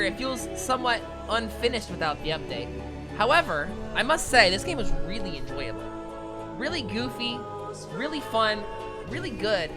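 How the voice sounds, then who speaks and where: A woman streaming a game live, reacting loudly and swearing, then giving her thoughts on it. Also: mid-range voice. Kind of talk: live let's play commentary. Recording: voice over game music. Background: game music.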